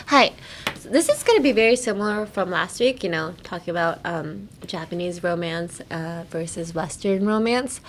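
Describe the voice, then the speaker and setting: A young woman hosts a casual language podcast. She is playful and giggly, sliding easily into chatty asides. Her voice sits at a middle pitch. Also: a little hiss or hum. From United States. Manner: playful, giggly, switching between English and Japanese. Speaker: podcast host. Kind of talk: bilingual casual teaching chat.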